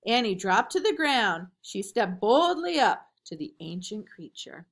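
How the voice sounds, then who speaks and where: A young woman reading a chapter book aloud to children, expressive and pausing to ask questions. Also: mid-range voice. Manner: expressive, animated.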